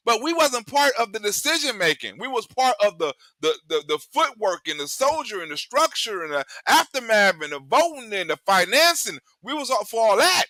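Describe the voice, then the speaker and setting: Man ranting politics, very high sharp voice, dry close sound, rambling and cussing. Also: dry recording. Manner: animated, rambling, heavy cursing. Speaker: host. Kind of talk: profane political commentary.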